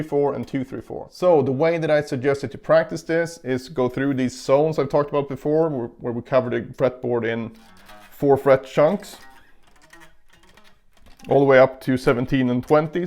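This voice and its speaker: A man's voice: medium pitch, normal speed, a little mellow. A man giving a casual guitar lesson, explaining picking and counting beats aloud as he demonstrates. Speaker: guitar teacher. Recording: guitar playing in between.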